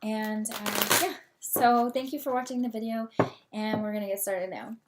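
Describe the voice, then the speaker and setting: A woman's voice: a little high, normal speed, noisy background. A young woman hosting her own tarot reading channel, talking casually with lots of fillers and little laughs while she has the hiccups. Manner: chatty, many fillers, laughs a lot. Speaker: tarot reader, channel host.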